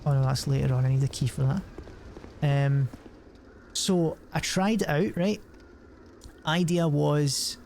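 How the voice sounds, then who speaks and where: A man's voice: fairly high pitch, gravelly, a little mellow, slight background noise. A young man, chatting casually and rambling while he streams a game, swearing often and restarting his sentences. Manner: rambling and profane, many fillers and restarts. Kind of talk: casual chat while gaming.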